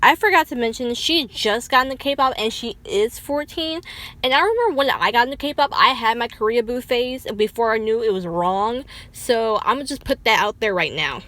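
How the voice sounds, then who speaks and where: A woman telling a casual storytime vlog, animated and swearing freely, leaping up in pitch when she quotes people. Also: moderate pace. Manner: dramatic pitch jumps when quoting people. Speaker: vlogger.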